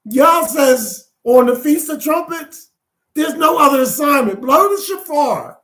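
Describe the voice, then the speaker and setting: A man's voice: extremely high pitch, expressive, measured pace, sharp tone. A man preaching a sermon as an elder, telling stories animatedly and laughing often.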